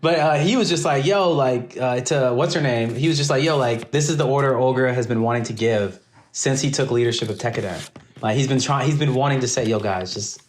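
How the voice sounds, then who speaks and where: A man co-hosting a casual podcast from home, animated and acting out characters' lines as he retells the story. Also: mid-range voice, fairly quick, echoey room, slight background noise. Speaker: podcast co-host.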